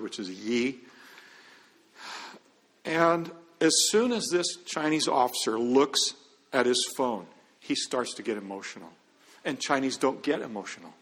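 A man's voice: mid-range voice, a bit bright. A middle-aged man giving an earnest, conversational testimony as a Christian businessman, with quoted dialogue. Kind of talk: storytelling testimony. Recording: long hall reverb.

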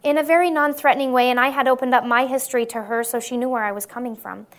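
A woman's voice: high voice, steady tone, fast talker. A woman giving an earnest, testimony-style sermon to an audience, often checking in with listeners by asking "right?". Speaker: Christian speaker.

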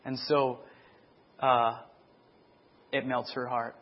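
A middle-aged man preaching his testimony in a sermon, asking for amens and getting loud and excited as he retells stories. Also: mid-range voice, takes it slowly, lo-fi sound.

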